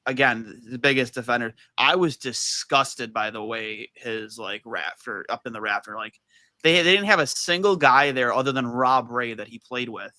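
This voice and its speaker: Podcast guest guy, bright tense voice, dry sound, gets worked up. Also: medium pitch, no room sound. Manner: animated, heated storytelling with fillers. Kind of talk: casual chat.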